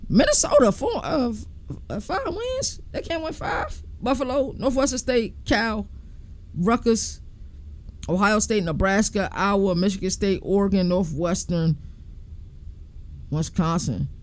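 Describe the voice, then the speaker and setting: A man's voice: high-pitched, animated, a little slow. A man hosting a sports podcast, talking casually and in slang while he thinks aloud and counts through team schedules.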